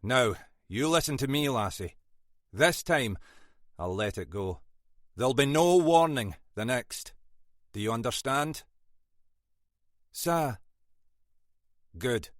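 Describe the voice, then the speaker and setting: A man's voice: medium pitch, animated, slow, long pauses, no room sound, voice pushed up. A man voicing a brusque, scolding older Scottish male detective inspector in an audiobook. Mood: stern. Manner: brusque, scolding, dry wit. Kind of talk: audiobook character voice.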